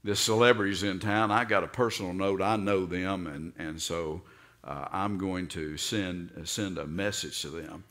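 An older pastor with a Southern accent delivers a storytelling sermon. His voice sits low but rings bright and forceful. He slips into character voices and suddenly rises to loud, emphatic peaks. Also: steady tone, moderate pace.

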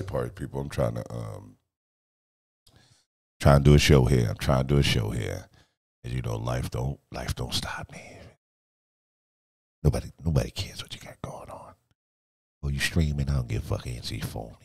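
A man hosting a casual live stream, talking in an animated, profane way that swings from shouts to mutters. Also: extremely low pitch, normal speed, creaky, pauses often, husky, dry recording, clean studio sound. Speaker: streamer and host.

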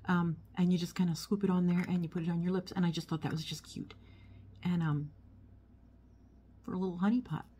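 A woman's voice: fairly low pitch, level tone, a little fast, long pauses, mellow, breathy edge. A woman chatting casually as she unboxes and shows a haul of small items at home, rambling as she goes. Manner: chatty, rambling, talks while handling items. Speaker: vlogger. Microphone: phone. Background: crinkling packaging.

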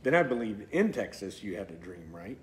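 A man telling a faith testimony slowly and hesitantly. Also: lowish voice, sing-song, a little hiss or hum. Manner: slow, measured, hesitant with fillers. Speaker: co-host sharing a testimony. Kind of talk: casual testimony storytelling.

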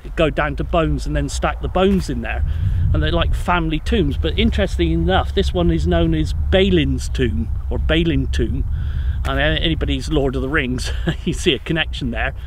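A man's voice: a little high, normal speed, slight background noise. A man guiding a river trip, explaining outdoors in a thoughtful, hesitant, knowledgeable way. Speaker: paddling trip guide.

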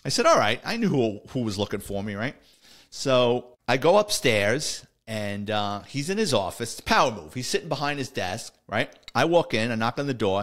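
A man's voice: medium pitch, a bit bright. A middle-aged man, a retired police officer, telling stories in a casual, conversational way, full of "he goes" and "I says". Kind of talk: casual storytelling podcast.

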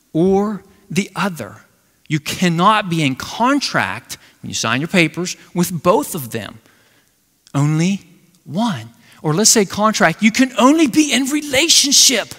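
A man preaching a sermon as pastor, telling a Bible story in an animated way and briefly acting out the characters. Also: high-pitched. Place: church sanctuary. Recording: long reverb of a large hall.

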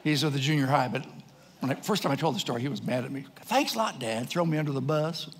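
A man's voice: mid-range voice, steady tone, fast talker. A middle-aged man preaching a sermon as pastor, telling a story and acting out the voices of others, laughing often. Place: large church hall. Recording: echoey church hall, faint noise.

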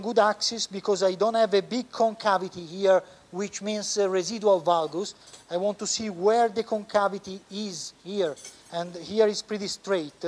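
A man with an Italian accent, a surgeon explaining a knee operation step by step as he works in the operating room, pausing often. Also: high voice. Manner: explains step by step, halting with frequent pauses. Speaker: orthopedic surgeon. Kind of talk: live surgical teaching demonstration.

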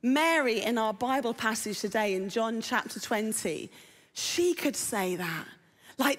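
A woman preaches to a congregation in an easy, conversational way and keeps putting questions to them. Her voice sits fairly high. The sound rings out with a long reverb in a big church hall. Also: animated, unhurried. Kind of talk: sermon. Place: church auditorium.

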